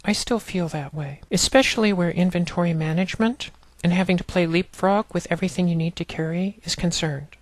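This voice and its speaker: A woman's voice: on the low side, fairly quick, no echo. A woman narrating a walkthrough of an old text adventure game, plainly reading commands and game text aloud and explaining each step. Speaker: let's play narrator. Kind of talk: let's play walkthrough narration.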